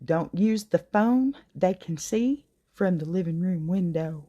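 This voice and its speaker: A woman putting on her sly, stern Southern father in a comic story, drawling and scolding in a relaxed, mellow voice. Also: fairly low pitch, unhurried, muffled recording. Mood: dryly scolding.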